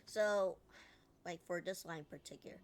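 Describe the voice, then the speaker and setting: A woman's voice: lowish voice, normal speed. A woman streamer commenting on a game, chatty and acting out lines herself. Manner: chatty, critiques and re-reads lines.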